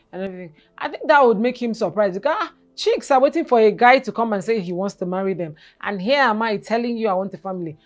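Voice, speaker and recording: An interview guest, a woman in her forties with a mid-range voice, relates her personal story. What begins as halting, repetitive speech turns animated.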